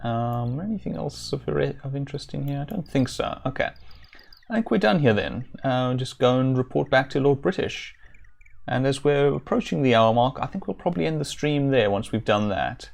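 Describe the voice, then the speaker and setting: A man's voice: medium pitch, animated, normal speed, creaky. A man streaming a video game, chatting casually and rambling with dry, self-amused jokes. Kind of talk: casual let's-play commentary.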